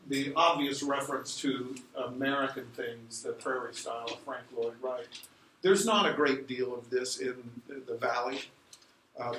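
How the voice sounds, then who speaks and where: A man's voice: mid-range voice, a bit bright. A middle-aged man lectures a class in a casual, rambling way, with lots of ums and restarted phrases. He is picked up from across the room, so his voice sounds distant and reverberant, with a faint hum of room noise under it. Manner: casual, digressive, many fillers and restarts. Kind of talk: university lecture. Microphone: recorded from a distance in the room. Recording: roomy echo from a distant mic.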